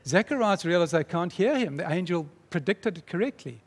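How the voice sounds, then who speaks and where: A man preaching, retelling a story in a dramatic, animated way. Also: high-pitched, a little fast. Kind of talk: sermon storytelling. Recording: long reverb in a large hall.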